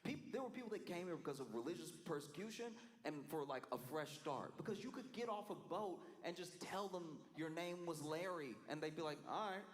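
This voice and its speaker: A man chatting casually on a live stream, talking in an animated way with frequent laughs and playful voices for the people he quotes. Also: fairly high pitch, brisk, few pauses.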